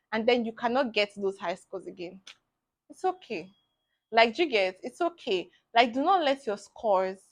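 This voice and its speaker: A Nigerian woman in her twenties who studies medicine gives lively, bubbly advice in a laid-back vlog, with plenty of laughter. Her voice sits a little high.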